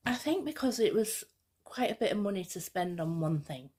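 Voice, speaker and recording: A woman vlogger talking casually, telling a rambling, excitable story. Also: mid-range voice, normal speed, husky. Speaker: fashion vlogger. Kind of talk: casual chat.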